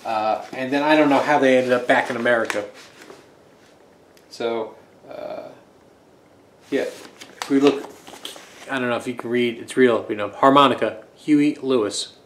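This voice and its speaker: A man's voice: medium pitch, a little slow, pauses often, a bit bright, roomy sound, a little hiss or hum. A man casually talking through his record collection, rambling and joking as he goes. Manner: rambling, chatty, jokey asides.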